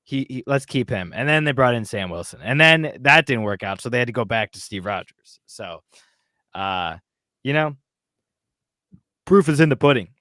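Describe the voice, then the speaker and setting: A man's voice: mid-range voice, lively intonation, moderate pace, long pauses, sharp tone, no room sound, studio quality. Sarcastic man hosting a nerd podcast. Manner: mocking, with frequent fillers and laughs. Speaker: podcast host. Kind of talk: casual chat, sarcastically reading an article aloud.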